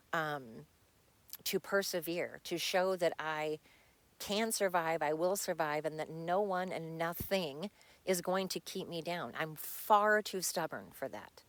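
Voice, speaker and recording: A woman's voice: lowish voice, a bit bright, no room sound. Middle-aged woman podcaster, blunt and swearing, dry close-miked sound. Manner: blunt, frustrated, swears freely. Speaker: podcast host. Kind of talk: personal monologue. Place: home. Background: dog nearby.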